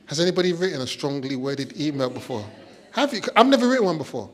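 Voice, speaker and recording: A man doing a stand-up comedy set, deadpan setups with loud high punchlines. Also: fast. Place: stage before a live audience.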